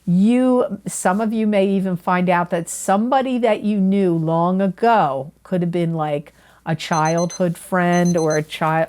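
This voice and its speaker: Speaking straight to camera, a tarot reader delivers a monthly astrology forecast in a lowish, slightly mellow voice. She keeps it chatty and earnest, frequently going back over what she said and fixing her wording.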